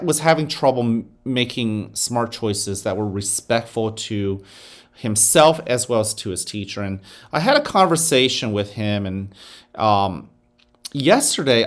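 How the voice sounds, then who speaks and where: A man gives morning announcements as principal of a school. His voice moves through a wide, lively pitch range. He talks students through calm breathing in an unhurried, soothing way before turning to upbeat school messages.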